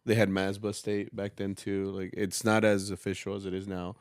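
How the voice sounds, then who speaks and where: A man's voice: low voice, little pitch movement, normal speed, clean tone, no room sound, clean studio sound. A man who directs a school mariachi program, chatting casually on a podcast, rambling and laughing often and mixing in bits of Spanish.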